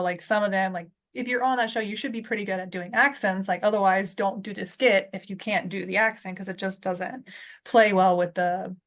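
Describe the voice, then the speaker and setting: Chatty, laughing woman podcast co-host. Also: mid-range voice. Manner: chatty, rambling, laughs often. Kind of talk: casual chat.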